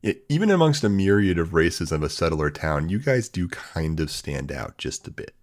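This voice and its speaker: A man narrating a tabletop role-playing game as game master, in a relaxed, casual way. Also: sits low, moderate pace.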